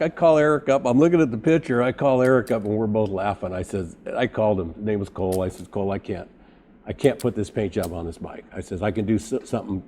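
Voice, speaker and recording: A middle-aged man, a custom bike builder, telling a long story in casual podcast talk and acting out the voices of the people in it. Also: mid-range voice. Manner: animated storyteller acting out quoted dialogue.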